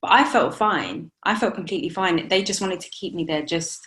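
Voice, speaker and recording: A young woman in an interview, telling her own story in a halting way with many restarts. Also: on the low side, animated, fairly bright tone. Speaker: interview guest, new mother. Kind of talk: emotional personal interview.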